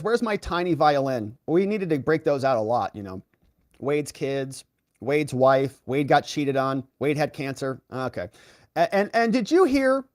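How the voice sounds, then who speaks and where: Live-stream host, man, higher voice, very animated delivery, reads chat and riffs, dry close sound. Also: no echo. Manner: animated, reads viewer comments aloud and reacts. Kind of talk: casual live-stream commentary.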